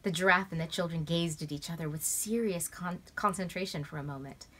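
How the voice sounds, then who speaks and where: Expressive female storybook reader, lowish voice. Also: fairly quick, a little hiss or hum. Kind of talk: reading a children's novel aloud. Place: at home in bed.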